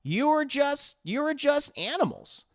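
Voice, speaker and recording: A man doing a high, smug alien creature. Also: sing-song, unhurried, fairly bright tone, heavily acted. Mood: explaining. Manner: falsely innocent, lecturing, condescending. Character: cold scheming alien creature, small and fluffy. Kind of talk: animated recap voicing of a character.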